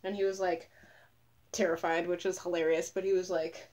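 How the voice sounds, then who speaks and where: Tired, sarcastic woman with a low voice. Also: little pitch movement, normal speed, a little mellow. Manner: profane, rambling, sarcastic. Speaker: vlogger. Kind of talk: casual storytelling to camera.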